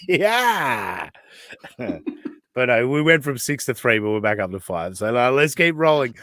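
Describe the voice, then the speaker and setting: A man's voice: mid-range voice, big pitch swings, a little slow, a bit bright, no echo. Rambling man, podcast host. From Australia. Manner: rambling, laughs often. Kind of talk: casual chat. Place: live podcast studio.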